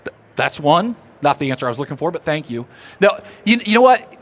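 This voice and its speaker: A man giving a live seminar talk, animated and drawing the audience in with questions. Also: a little high, fairly quick. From Oklahoma. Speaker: seminar speaker. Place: seminar room.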